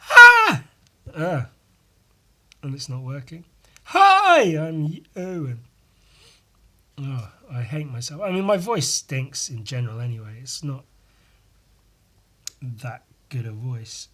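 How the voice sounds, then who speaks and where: Man, hoarse voice, losing his voice, slow unhurried talk, casual rambling, swears a lot, self-deprecating podcast host. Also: medium pitch, lively intonation. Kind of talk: casual solo podcast chat.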